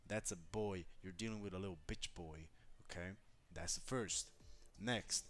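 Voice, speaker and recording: A man's voice: deep voice, unhurried, fairly bright tone. A man chatting casually on a live stream, giving blunt, profane, reassuring relationship advice straight to a viewer.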